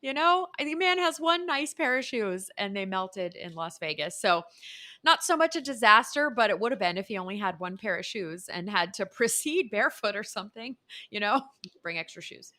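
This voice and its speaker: A woman co-hosting a travel podcast who tells stories casually and chimes in with quick, lively reactions. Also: medium pitch. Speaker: podcast co-host. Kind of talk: casual storytelling chat.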